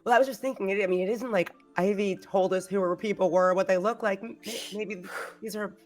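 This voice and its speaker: A woman's voice: mid-range voice, fairly even intonation, quick pace, soft background music. A woman playing a tabletop game, asking curious, stammering questions in character. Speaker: player. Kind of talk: casual in-character play.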